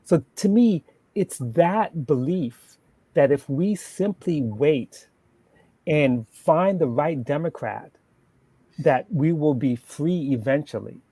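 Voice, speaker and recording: A man's voice: fairly high pitch, lively intonation, slow, warm tone, breathy edge, no echo. A man speaking as a panel guest in a passionate political discussion, emphatic, stacking points into lists and restarting words as he goes. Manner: emphatic, builds lists, repeats words when starting.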